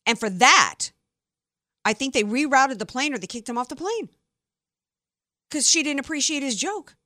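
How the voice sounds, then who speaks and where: A woman from the American Deep South, hosting a talk radio show with emphatic, opinionated chatter. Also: expressive, bright, forceful tone, no room sound, studio quality. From Deep South of the United States. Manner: emphatic, opinionated, quick asides.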